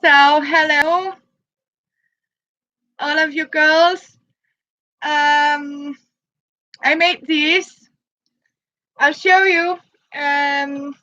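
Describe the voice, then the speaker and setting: A woman whose first language is Danish shows off boots she made, in slow, halting English full of fillers. Her voice sits high and bright. The recording is dry and slightly dull. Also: steady tone, dry recording. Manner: halting, searching for words, many fillers. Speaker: crafter showing handmade boots. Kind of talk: casual show-and-tell.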